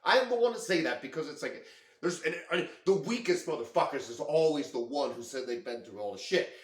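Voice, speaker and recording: A man's voice: on the high side, lively intonation, brisk. Man ranting intensely in an echoey room. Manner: heavy use of filler words. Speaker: vlogger. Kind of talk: emotional monologue.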